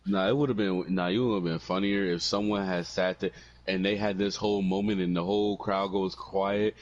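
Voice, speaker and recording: A man's voice: deep voice, moderate pace, dull audio. A man co-hosting a casual wrestling review podcast, telling stories with profane slang and frequent laughter. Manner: animated storytelling, profane slang, laughs often. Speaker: podcast co-host.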